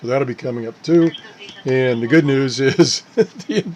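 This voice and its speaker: With a mid-range, slightly mellow voice, a channel host talks a little slowly and off the cuff about a gadget, over a faint hiss or hum. He keeps correcting himself and chuckles whenever something goes wrong.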